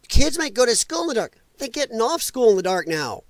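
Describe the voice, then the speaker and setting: A man's voice: high-pitched, sing-song, fairly quick, creaky, hardly any pauses, dry recording. A man from the United States hosting a livestream, reacting to clips with blunt, profane, sarcastic commentary. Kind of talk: casual ranting commentary.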